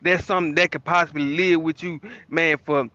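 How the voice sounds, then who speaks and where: A man calling in to a sports podcast, a former athlete, talking haltingly with lots of "man" and "bro". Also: fairly high pitch, fairly even intonation, sharp tone, no room sound, highs cut off. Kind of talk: casual call-in chat.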